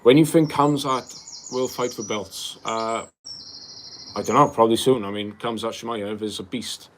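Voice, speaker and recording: A man's voice: medium pitch, moderate pace, slight background noise. A man in his twenties hosting a livestream, answering viewer questions in a loose, rambling casual chat, calling people bro and filling gaps with um and like. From Wales. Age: 20s. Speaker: livestream host.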